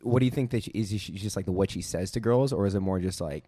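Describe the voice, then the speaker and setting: A young man asking quick questions in casual podcast chat. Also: sits low, dark tone, breathy edge, no echo, clean studio sound.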